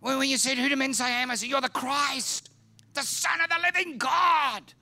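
A man acting out an outraged disciple who shouts and pleads in a high strained voice. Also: fairly even intonation, racing, heavily acted. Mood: shouting. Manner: shouting, high-pitched, frantic. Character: outraged apostle Peter, loud and pleading.

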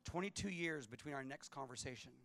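A middle-aged man preaching a sermon, telling personal stories with animated swings between loud punches and hushed asides. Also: mid-range voice, brisk, gravelly. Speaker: pastor.

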